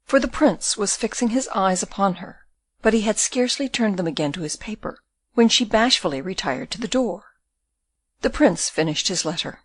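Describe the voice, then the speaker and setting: A woman reading an audiobook with measured, even storytelling. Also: medium pitch, breathy edge, no echo. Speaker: audiobook reader. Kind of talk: audiobook narration.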